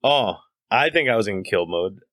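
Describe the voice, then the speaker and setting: Lively, joking podcast guy. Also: lowish voice, normal speed, no echo, studio quality. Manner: joking and teasing, laughs often. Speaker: podcast co-host. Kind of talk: casual podcast chat.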